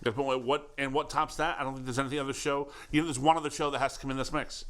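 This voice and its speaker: A man's voice: medium pitch, fairly even intonation, rapid-fire, a bit bright. A man in his forties from Connecticut, co-hosting a podcast in casual chat, who laughs easily and tells stories with enthusiasm. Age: 40s. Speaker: podcast co-host.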